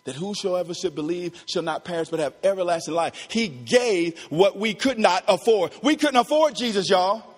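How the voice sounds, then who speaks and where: A middle-aged man preaching a sermon, swinging between soft talk and loud emphasis, with casual asides to the congregation. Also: high voice, normal speed, few pauses, in a large hall. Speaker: pastor. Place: church.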